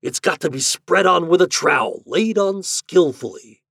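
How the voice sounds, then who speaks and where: A man voicing a scheming, chubby male propaganda chief in an audiobook story, pushy and persuasive, pitched a little higher than his narration. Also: very animated, normal speed, husky, no echo, clean studio sound. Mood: persuading.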